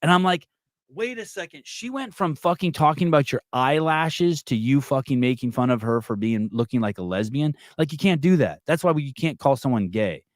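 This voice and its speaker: A man hosting a podcast, telling a story in casual chat, swearing often and getting animated. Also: medium pitch, brisk, hardly any pauses, dry recording, clean studio sound. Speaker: podcast host.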